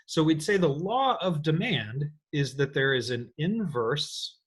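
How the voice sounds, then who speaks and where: A man teaching an economics lecture in an energetic, playful way, often checking in with his students. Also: fairly high pitch, a little slow, slightly rough. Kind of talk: recorded lecture.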